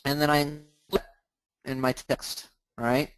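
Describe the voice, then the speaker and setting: A man hosting a live training, talking casually as he clicks through software on his screen and restarting words now and then. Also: fairly high pitch, little pitch movement, takes it slowly, clear, resonant tone, no room sound, poor audio. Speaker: host of a mortgage training group.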